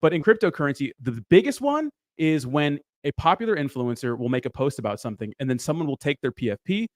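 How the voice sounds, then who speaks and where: A man co-hosting a casual talk show, agreeable and quick to chime in. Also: on the high side, big pitch swings, dry recording, studio quality. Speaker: co-host. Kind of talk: casual podcast chat.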